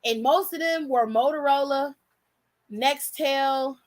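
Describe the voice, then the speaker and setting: A young woman hosting, telling a story in a blunt, profane and animated way. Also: sits high, slow pace. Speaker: host. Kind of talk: casual storytelling.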